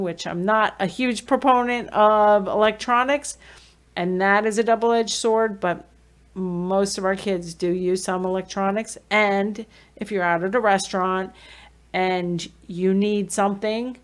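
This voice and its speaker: A woman podcast host and behavior analyst, talking conversationally with fillers and self-corrections as she explains strategies for parents. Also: mid-range voice. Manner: acts out parent-child exchanges with soft shushing.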